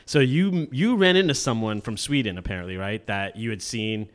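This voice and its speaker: A man's voice: on the low side, moderate pace. A man hosting a casual podcast who laughs a lot and asks eager questions. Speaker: podcast host.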